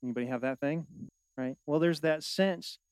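A man preaching a sermon, asking the congregation questions and swinging between loud exhortation and quiet asides. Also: fairly high pitch, moderate pace, clear, resonant tone, no room sound, rough recording. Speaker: pastor.

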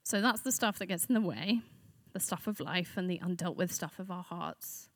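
Creaky-voiced woman giving a relaxed sermon. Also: on the low side, moderate pace, dry recording, studio quality. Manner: earnest, reflective, unscripted. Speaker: church speaker. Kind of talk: conversational sermon.

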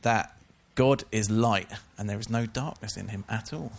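A man's voice: fairly low pitch, moderate pace, vocal fry, slight background noise. A man giving a casual, chatty Bible teaching talk, full of informal asides. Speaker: church teacher.

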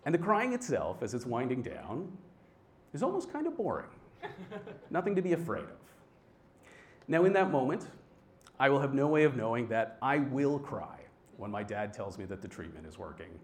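A young man telling a personal story on stage, his delivery swinging between quiet and loud. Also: medium pitch, sing-song, moderate pace, long pauses.

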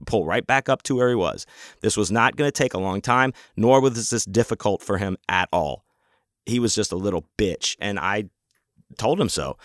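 A man's voice: fairly low pitch, a bit bright, clean tone, no room sound, clean studio sound. A man telling a story in a casual, rambling way, heated and full of swearing. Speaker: convention vendor telling a story.

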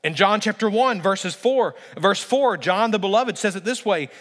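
A pastor with a high, bright voice delivers an animated, emphatic sermon, slowing down to lean on key phrases. A long reverb tail carries his voice through a large church sanctuary.

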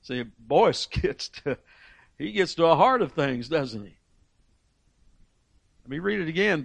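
A man with a notably high-pitched voice preaches earnestly, pressing hard on key phrases and stumbling into quick restarts. The sound is close and dry, with almost no room echo. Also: lively intonation, vocal fry. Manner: earnest, emphatic, with frequent restarts and read quotations. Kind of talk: sermon.

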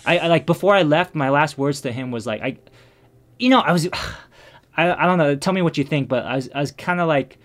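A man in casual conversation, telling a personal story in a subdued, reflective way, full of restarts and fillers that trail off quietly. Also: on the high side, a little fast.

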